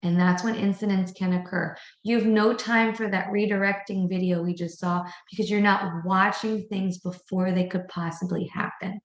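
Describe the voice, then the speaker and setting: A woman's voice: mid-range voice, steady tone, moderate pace, hardly any pauses, roomy sound, highs cut off. Firm woman briefing staff. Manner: firm, instructive, repeats key points. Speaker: preschool director.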